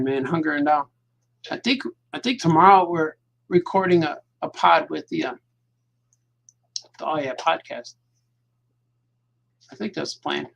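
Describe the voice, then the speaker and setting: A man's voice: a little high, gravelly, fairly bright tone. A man, a cartoonist, chatting casually to his viewers at home at night while he draws, rambling and repeating himself as his thoughts drift. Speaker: cartoonist hosting his own show.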